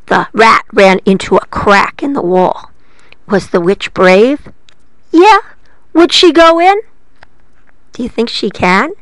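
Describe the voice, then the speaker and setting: A woman librarian telling a story to children, playful and lively, asking her listeners questions as she goes. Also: fairly high pitch, slow, pauses often, no room sound.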